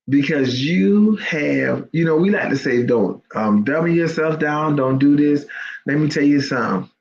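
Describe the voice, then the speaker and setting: A man hosting an inspirational faith livestream, talking in an emphatic, repetitive, preacherly way. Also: fairly high pitch. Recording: dull lo-fi sound.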